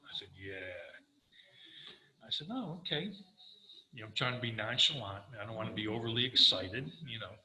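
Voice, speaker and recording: A man's voice: mid-range voice, normal speed, pauses often, roomy sound, rough recording. An older man giving a personal recovery talk, telling his story earnestly and acting out the conversations. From Florida. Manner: earnest storytelling, quoting himself, animated. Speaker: recovery speaker.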